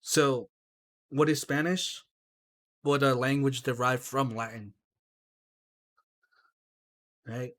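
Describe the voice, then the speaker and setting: A man's voice: medium pitch, takes it slowly. A man co-hosting a casual podcast, talking heatedly and asking "right?" over and over. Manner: heated, animated, swears, says "right?" and "bro". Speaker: podcast co-host. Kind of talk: casual chat.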